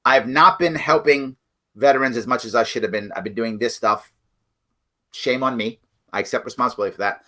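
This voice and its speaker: A middle-aged man with a mid-range, pushed, bright voice speaks briskly as he hosts a political commentary livestream. He talks bluntly and emphatically, straight to his viewers.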